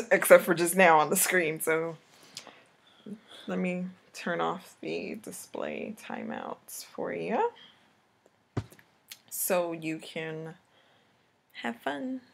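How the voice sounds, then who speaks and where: A Jamaican woman with a lowish, gravelly voice talks casually to the camera. She is chatty, laughs often, and tends to trail off mid-sentence as she explains. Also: very animated, drawn-out words, long pauses, a little hiss or hum. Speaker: vlogger teaching a lesson.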